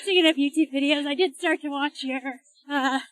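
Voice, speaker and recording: Woman co-host, high voice, dry sound, brief replies and easy laughter on a run. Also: steady tone, fairly quick, a bit bright, no echo. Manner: short replies, laughs often. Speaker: podcast co-host. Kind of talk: casual chat while running. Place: outdoors, on a run.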